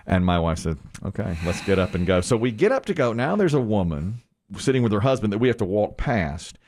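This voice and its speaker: Man, middle-aged, radio co-host, storytelling, very animated pitch, laughs often. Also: fairly quick, slight background noise. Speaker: morning radio show co-host. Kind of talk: casual storytelling chat.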